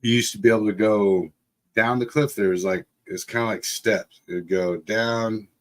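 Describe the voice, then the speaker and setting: A man's voice: lowish voice, fairly even intonation, moderate pace. Laid-back middle-aged man telling stories. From Texas. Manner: laid-back, rambling, laughs often, lots of fillers. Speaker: livestream host. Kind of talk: casual storytelling.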